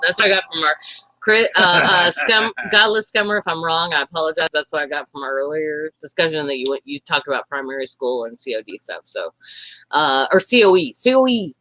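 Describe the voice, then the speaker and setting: A woman's voice: low voice, brisk, bright, forceful tone, low-quality recording. A young woman with a Southern American accent, talking frankly and profanely in a rambling casual chat as podcast co-host. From Tennessee.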